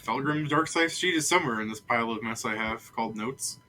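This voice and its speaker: A man's voice: mid-range voice, fairly quick, sharp tone, slight background noise. A man running a tabletop game as game master, chatty and laughing often.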